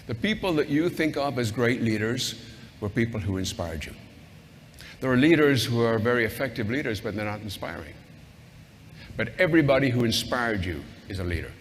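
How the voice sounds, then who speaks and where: A man giving a measured lecture on leadership, defining his terms carefully. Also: mid-range voice, big-room sound, a little hiss or hum. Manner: measured, defines words one by one. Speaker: speaker on leadership.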